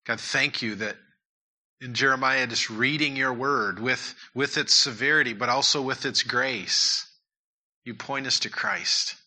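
Male pastor, sermon delivery, earnest, repeats points, very bright tone, mid pitch. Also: measured pace. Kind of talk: sermon and prayer.

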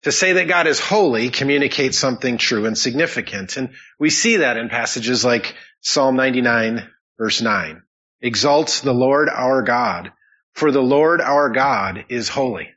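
A man's voice: medium pitch, bright, forceful tone, muffled recording. A man preaching a sermon as pastor, praying and then teaching in an earnest way with dry teasing asides, in a church sanctuary. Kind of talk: sermon with opening prayer.

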